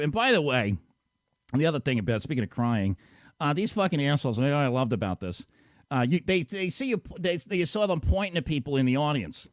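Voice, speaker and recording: A man's voice: fairly high pitch, big pitch swings, fairly quick, no echo, clean studio sound. A man hosting a call-in talk show, ranting sarcastically and swearing constantly. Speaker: radio show host. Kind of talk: profane call-in show rant.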